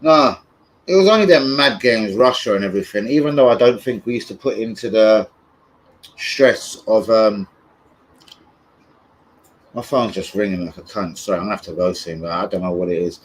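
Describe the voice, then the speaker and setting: A man's voice: lowish voice, normal speed, long pauses, slightly rough, low-quality recording. A young man ranting in a rambling, sweary livestream chat about football. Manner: rambling, sweary, loses his thread. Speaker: football fan streamer.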